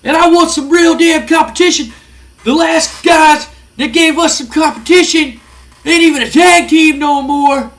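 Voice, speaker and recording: A man putting on a brash, angry male wrestler cutting a loud, boastful promo. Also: very high-pitched, measured pace, pitched above the performer's own voice, heavily acted. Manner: shouting, boastful trash talk.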